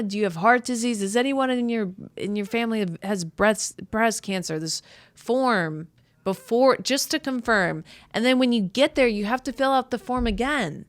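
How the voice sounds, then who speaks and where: A woman's voice: a little high, dry recording. Rambling woman comic in her thirties. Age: 30s. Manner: rambling, self-deprecating, heavy use of "like". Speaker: podcast host, comedian. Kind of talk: casual comedic monologue.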